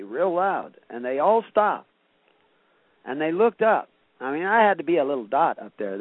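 A man preaching a sermon, telling homespun stories and then pressing his point with rising emphasis. His voice sits at a middling pitch and comes through a tinny, phone-like radio signal. The sound is dry and close, with no room around it. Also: no echo. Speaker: pastor.

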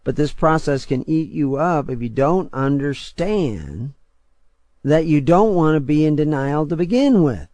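A man's voice: on the high side, animated, measured pace, no echo. Emphatic older preacher man, dry sound. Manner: emphatic, building to forceful near-shouts. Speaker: radio preacher and host. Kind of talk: preaching on a radio show.

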